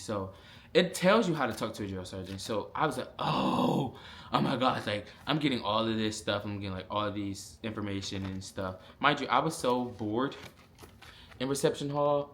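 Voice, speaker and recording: A young man vlogging a casual storytime, animated and full of slang and profanity. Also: lowish voice.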